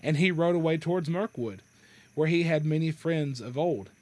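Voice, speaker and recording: A man's voice: on the high side, a little mellow, no room sound. Man reading a novel aloud, stopping to correct himself. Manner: halting, self-correcting reading with chuckles. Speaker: podcast host.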